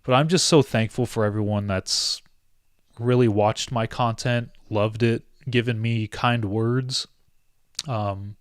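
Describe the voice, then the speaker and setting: A man's voice: mid-range voice, no echo. Give me an earnest young man talking to his live-stream viewers, emotional, in a dry, close sound. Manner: earnest and heartfelt, with many restarts. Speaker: sports content creator hosting a live stream.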